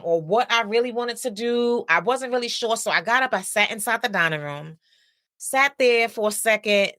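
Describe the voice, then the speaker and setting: Chatty woman with a bright, dry voice. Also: a little high, dry recording. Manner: chatty, personal, lots of fillers and asides. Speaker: counselor and podcast host. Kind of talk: casual storytelling monologue.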